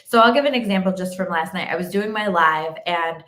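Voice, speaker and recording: A woman's voice: fairly low pitch, brisk, fairly bright tone. A woman co-hosting a casual spiritual livestream chat, talking earnestly about pushing through setbacks. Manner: earnest, self-described stubborn, giving life advice. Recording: echoey room.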